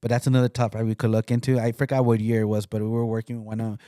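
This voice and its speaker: A man's voice: on the low side, completely flat delivery, racing, mellow, no room sound, studio quality. A man co-hosting a podcast in casual chat. He rambles, repeats words and laughs mid-sentence. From came to Utah. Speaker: podcast co-host.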